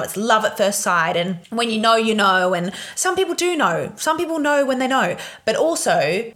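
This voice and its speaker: A woman's voice: mid-range voice, a bit bright. Frank young woman podcasting alone. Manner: frank, emotional, swears freely. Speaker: podcast host. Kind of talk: candid solo podcast monologue.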